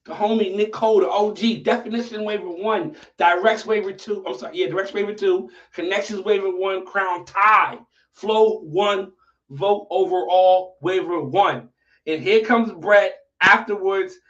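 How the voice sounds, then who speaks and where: High-pitched, profane livestream host. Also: male voice, normal speed, far from the mic. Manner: profane, animated, talks to viewers. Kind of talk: casual livestream commentary. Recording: dull lo-fi audio from off-mic.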